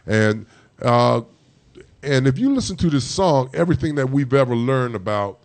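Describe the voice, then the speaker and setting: A man on a comedy radio show chatting casually, halting and full of fillers. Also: mid-range voice, animated. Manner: drawn-out, halting talk with many fillers. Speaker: radio show cast member.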